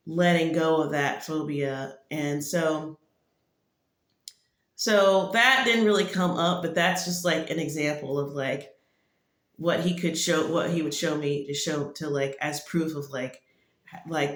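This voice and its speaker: In an echoey room, a woman with a low voice and fairly bright tone gives a casual testimony. She rambles, filling her speech with plenty of "like."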